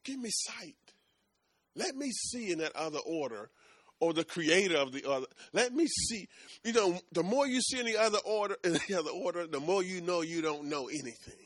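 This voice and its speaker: Male preacher, bright lively delivery, dry close recording. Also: high-pitched, brisk, dry recording. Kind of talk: sermon.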